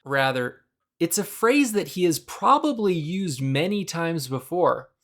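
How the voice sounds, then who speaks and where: Young guy explaining a bible verse, slightly higher voice, steady scripted delivery. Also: a little slow. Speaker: Bible video presenter.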